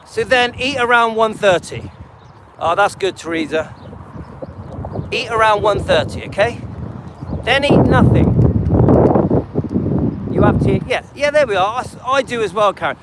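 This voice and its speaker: A man's voice: sits high, lively intonation, unhurried, pauses often, very noisy. A man hosting a live stream, casually answering viewers by name and often checking in with "yeah?" and "okay?". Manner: frequent restarts and repetition. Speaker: livestream host.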